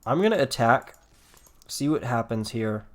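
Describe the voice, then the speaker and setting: A man's voice: medium pitch, expressive, unhurried. A man giving casual commentary over his own card game, rambling and thinking aloud with fillers, yawning and a bit tired. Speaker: gameplay commentator.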